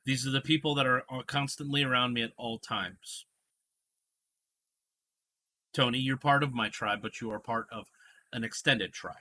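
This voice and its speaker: Husky-voiced man rambling through a story. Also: medium pitch, pushed and bright. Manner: rambling storyteller, retells scenes with quick changes of voice. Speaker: podcast host. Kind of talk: casual chat.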